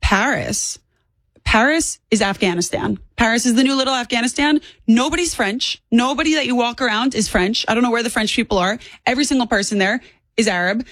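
Fast-talking, emphatic young woman. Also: a little high, fairly bright tone, dry recording. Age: 20s. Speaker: guest. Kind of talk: political talk interview.

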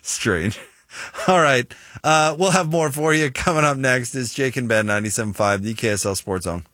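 A man's voice: medium pitch, moderate pace, no echo, clean studio sound. A man with a Utah American accent, hosting a sports radio show in casual, chatty talk. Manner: chatty, self-deprecating, animated storyteller.

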